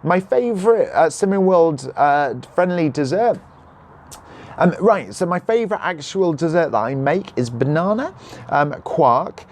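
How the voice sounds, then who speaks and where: Chatty high-voiced man reading live comments. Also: expressive, measured pace. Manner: chatty, reads out comments, jokes and apologises. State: slightly croaky voice. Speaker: vlogger answering live chat. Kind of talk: casual live-stream chat. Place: at home, neighbours nearby.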